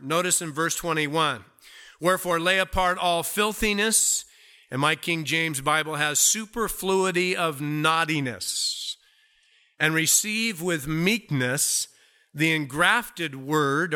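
A man preaching a sermon as pastor, slow and deliberate, stretching out key words for emphasis. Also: fairly high pitch, pushed and bright.

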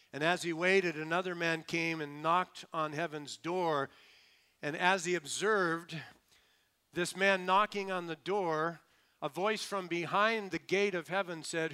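A man preaching a sermon, his voice rising to emphatic peaks and then dropping to hushed, low lines. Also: clean tone.

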